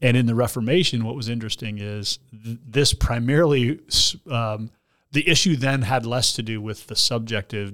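Mid-pitched man, a pastor hosting a podcast, reads a listener's letter aloud and then talks the question through in a considered, explanatory way. His voice sits in an ordinary middle register, and he often restarts his sentences as he thinks. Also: normal speed, a bit bright.

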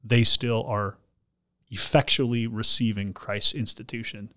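A man's voice: lowish voice, steady tone, unhurried, pushed and bright. A man, a pastor and podcast host, reading a listener letter and then explaining at length, with frequent restarts.

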